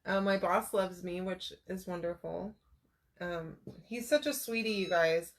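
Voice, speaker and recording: A woman's voice: fairly low pitch, unhurried, slight background noise. A woman in her thirties chatting casually while crafting, telling rambling personal stories with lots of fillers. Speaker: crafter vlogger.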